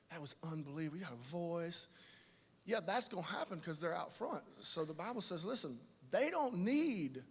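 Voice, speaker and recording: A man preaching a sermon, animated and conversational, slipping into quoted voices. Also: sits high. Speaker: pastor. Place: large church auditorium. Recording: live church hall reverb.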